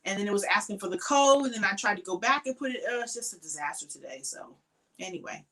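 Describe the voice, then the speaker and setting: A woman's voice: medium pitch, lively intonation, quick pace, pushed and bright, poor audio. Tired, chatty woman streaming crochet. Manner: chatty, greets viewers by name, trails off with ums. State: tired, sleepy. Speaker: crochet livestream host. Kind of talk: casual livestream chat. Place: home craft shed.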